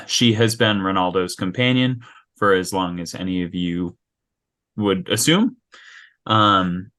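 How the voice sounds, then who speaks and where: A man acting as game master, describing a character with many ums and pauses over a video call. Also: lowish voice, fairly bright tone. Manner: hesitant, many ums and restarts.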